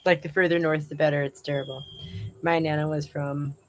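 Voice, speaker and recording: Chatty woman host with a lowish voice. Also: little pitch movement, a little fast, a little hiss or hum, poor audio. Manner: chatty, reads comments aloud, laughs often. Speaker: livestream host reading viewer comments. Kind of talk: casual chat. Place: outdoors.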